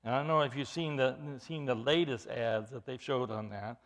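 A man's voice: medium pitch, moderate pace, fairly bright tone. A man preaching an expository sermon as pastor, earnest and emphatic, often repeating and restarting his phrases.

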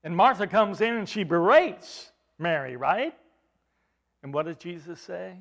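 A man's voice: sits high, unhurried, gravelly, fairly bright tone. A man preaching a sermon to his congregation, pressing his points with rising emphasis and repeated words.

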